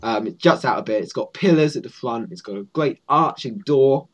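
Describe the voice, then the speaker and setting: A man's voice: medium pitch, animated, normal speed, slightly rough, rough recording. A man narrating as game master for a tabletop role-playing game, rambling and often restarting his sentences. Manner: rambling with frequent restarts and laughs.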